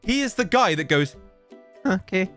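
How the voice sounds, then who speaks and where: A man's voice: medium pitch, big pitch swings, normal speed, a bit bright, faint music behind. A young man giving casual, exasperated reaction commentary and reading posts aloud, with frequent exclamations. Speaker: YouTuber reacting to social media posts.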